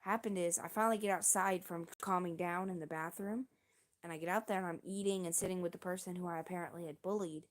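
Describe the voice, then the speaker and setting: A woman streamer casually telling a long story on a livestream, halting and restarting often, with casual swearing. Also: lowish voice, steady tone. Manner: rambling, halting, with many restarts and fillers.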